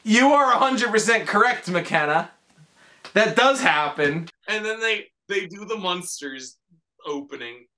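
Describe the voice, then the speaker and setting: A man's voice: high-pitched, lively intonation, unhurried, bright, forceful tone, slight background noise. A drunk young man rambling through a movie plot, stumbling over words and swearing. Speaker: drunk guest recounting a movie.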